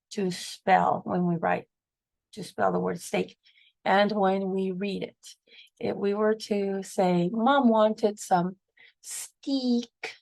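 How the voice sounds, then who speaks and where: A woman's voice: medium pitch, vocal fry, darkish tone, no room sound, rough recording. A woman teaching a phonics lesson, patiently sounding out words and spelling them letter by letter.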